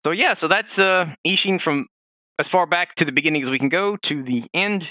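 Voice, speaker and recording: A man co-hosting a casual podcast, chatting in an animated way with many fillers and restarts. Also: a little high, brisk, no room sound, phone-quality sound. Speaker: podcast co-host.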